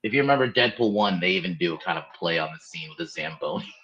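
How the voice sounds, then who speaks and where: Lively man on a dull lo-fi line. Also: sits low, fast talker. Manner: animated, laughs easily, loose phrasing. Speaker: podcast co-host. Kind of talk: casual movie review chat. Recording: dull lo-fi audio.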